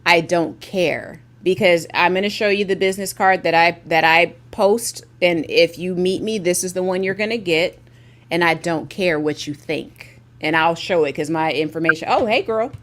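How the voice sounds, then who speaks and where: Speaking at a moderate pace in a fairly low-pitched voice, a woman guest takes part in a casual livestreamed panel over video call. She is frank and emphatic, frequently starting her sentences over.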